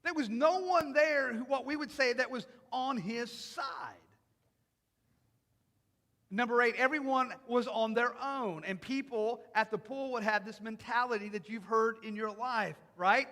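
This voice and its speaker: A man preaching a sermon in a church, acting out imagined voices and rising into loud, emphatic passages. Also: very high-pitched, a little slow. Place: church sanctuary. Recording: long hall reverb.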